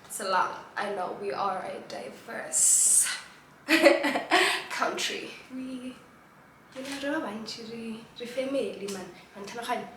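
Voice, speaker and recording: A woman's voice: fairly high pitch, unhurried, fairly bright tone, slight background noise. South African woman, laughing chatty host. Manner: switches between English and Setswana, laughs often. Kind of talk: casual talk explaining sociolinguistics. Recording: roomy echo.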